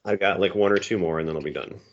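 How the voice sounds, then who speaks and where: A man's voice: deep voice, moderate pace, muffled recording. A man co-hosting a podcast, a teacher, casually reading comic strips aloud and chuckling as he explains them. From Minnesota. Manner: easygoing, chuckling storyteller.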